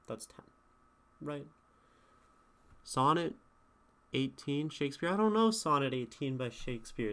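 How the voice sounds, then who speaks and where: A man's voice: mid-range voice, expressive, moderate pace, pauses often, a bit bright. A man streaming live, talking through a poem's meter in a casual, thinking-aloud way and sounding out rhythms. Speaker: streamer critiquing poetry.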